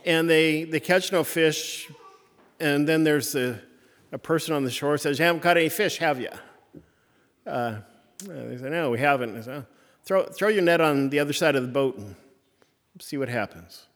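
A man preaching a conversational sermon, halting and restarting often as he retells a story. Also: fairly high pitch, a bit bright. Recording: reverberant hall.

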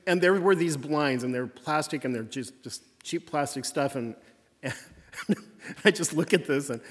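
A man's voice: fairly high pitch, normal speed, in a large hall. A man preaching a folksy, conversational sermon in a church, circling back to the same refrains again and again. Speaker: pastor.

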